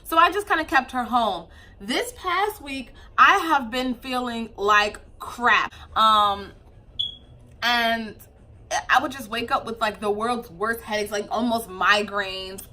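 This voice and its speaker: A young woman vlogging as a new mom, chatting casually to camera with a loose, animated flow and many fillers. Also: fairly high pitch, slow.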